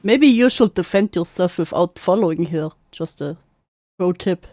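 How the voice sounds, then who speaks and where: A woman's voice: fairly low pitch, expressive, moderate pace, warm tone, no room sound. A woman streamer making dry, mocking remarks while she reacts to a clip. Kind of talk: sarcastic live commentary.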